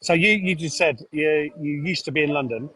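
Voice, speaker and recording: A man's voice: a little high, moderate pace, pushed and bright, husky, poor audio. A man hosting a podcast, asking short casual questions and giving brief backchannel replies. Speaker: podcast host.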